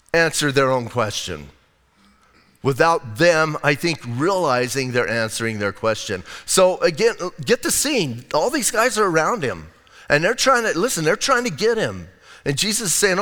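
A man preaching a sermon as pastor, in a casual, lively way with slang asides. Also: fairly high pitch, moderate pace, in a large hall.

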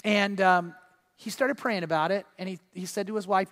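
Brief: male pastor, sermon delivery, higher voice, storyteller who acts out quotes, big echoing hall. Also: fairly even intonation, normal speed, a bit bright.

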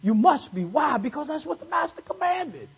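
A man's voice: very high-pitched, sing-song, moderate pace, creaky, muffled recording. A man preaching a Sunday morning sermon, repeating phrases for emphasis and swelling into fervent peaks. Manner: call-and-response preaching, rising to fervent peaks. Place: church service.

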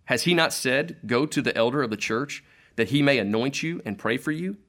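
A man's voice: medium pitch, animated, normal speed, a bit bright, close to an everyday voice. A man reading the questions of a stern male interrogator in a heresy court, formal and probing. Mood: interrogating.

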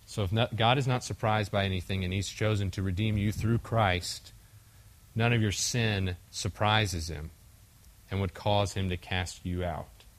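In a casual sermon that opens into group discussion, a young man speaks at a measured pace with a lowish voice and fairly even intonation. He keeps things conversational, performs the story's quoted voices, and occasionally slips.

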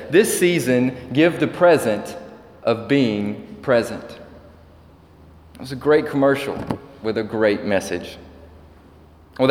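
Male pastor preaching in an echoey church. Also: mid-range voice. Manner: measured preaching, slowing on scripture quotes. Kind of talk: sermon. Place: church sanctuary.

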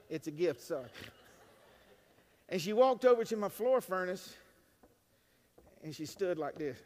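Male pastor, high tenor, dynamic preaching with humor, church reverb tail. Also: slight background noise. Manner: dynamic preaching, swings from hushed to loud, joking asides. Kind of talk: sermon. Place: church sanctuary. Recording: long reverb of a large church.

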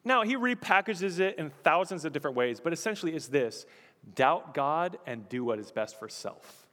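A man's voice: a little high, animated, normal speed, a bit bright, long reverb tail. A male pastor preaching a sermon in an emphatic, repetitive style. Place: church.

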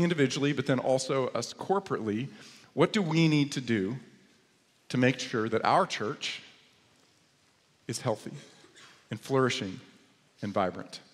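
A middle-aged male pastor preaching a sermon, telling stories with humor and rising into lively exclamations. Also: mid-range voice. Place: church sanctuary. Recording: long reverb of a church hall.

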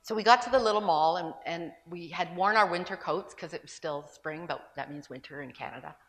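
In a big room before an audience, a woman with a fairly low pitch talks at a fairly quick clip. Her personal story unfolds conversationally, almost like a sermon, with asides and frequent restarts.

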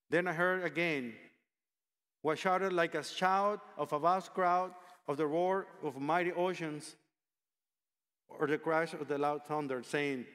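A man preaching a sermon, speaking in a measured, emphatic way and reading passages aloud. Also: a little high, steady tone, fairly bright tone, smooth, long reverb tail.

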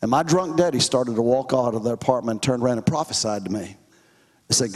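A man's voice: mid-range voice, a little fast, slightly rough, in a large hall. A man from Texas preaching his testimony, telling his story with emphatic, rising and falling intensity. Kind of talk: testimony sermon.

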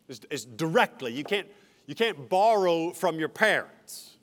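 A man's voice: a little high, expressive, measured pace. A man preaching a sermon as senior pastor, emphatic with shifting dynamics. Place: church sanctuary. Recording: reverberant church hall.

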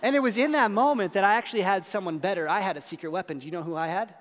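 Racing along in a high voice, a pastor in his thirties fills his sermon with comic, self-mocking stories about his young children, full of lively voice changes. The church hall's size creates a long reverb.

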